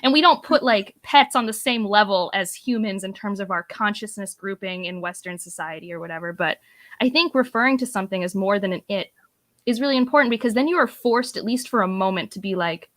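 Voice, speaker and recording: Woman, mid pitch, thoughtful casual chat, video call. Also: fairly quick, fairly bright tone. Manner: thoughtful, uses "like" a lot. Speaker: book club participant.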